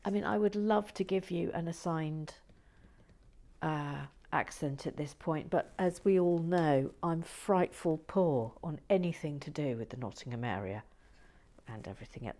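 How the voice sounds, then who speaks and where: A woman hosting her channel in relaxed, playful chat, often dropping into whispered asides and stammering restarts. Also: deep voice, moderate pace. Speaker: channel host building and reviewing brick sets. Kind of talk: relaxed casual chat to viewers.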